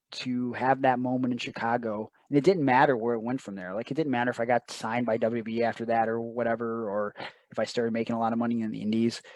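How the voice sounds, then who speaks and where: A man's voice: mid-range voice, darkish tone, no echo. A man telling a personal story as an interview guest, earnest and emotional, often quoting others in asides.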